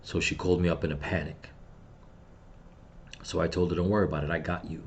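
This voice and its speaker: A man's voice: sits low, fairly even intonation, fast talker, slight background noise. A middle-aged man telling of his loss, then ranting bitterly and with heavy swearing at the people he blames. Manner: grieving, bitter, profane ranting. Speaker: channel host. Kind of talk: angry personal vlog rant.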